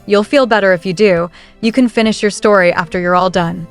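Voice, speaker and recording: A woman's voice: medium pitch, fairly quick, clear, resonant tone, soft background music, lightly acted. Woman reads young male duke, direct and kind, own voice, storybook recap. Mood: matter-of-fact. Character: young duke, blunt but caring.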